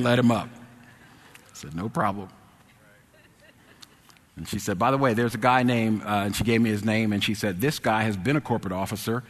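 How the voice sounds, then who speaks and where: A man telling a personal anecdote to an audience. He is animated, dropping to low mumbles and rising to loud, excited exclamations. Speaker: storyteller. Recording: long hall reverb.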